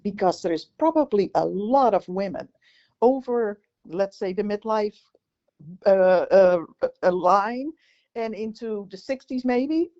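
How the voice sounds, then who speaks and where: A woman's voice: mid-range voice, animated, a little slow, mellow, lo-fi sound. A Dutch-accented woman in her sixties, co-hosting a podcast in a joking, teasing way and often laughing. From Netherlands. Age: 60s. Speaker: podcast co-host. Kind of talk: casual chat.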